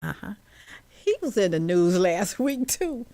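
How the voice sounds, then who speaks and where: A woman chats casually on a radio show, unhurried, with lots of mm-hmms. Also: mid-range voice, sing-song, warm tone, no echo. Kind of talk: casual chat.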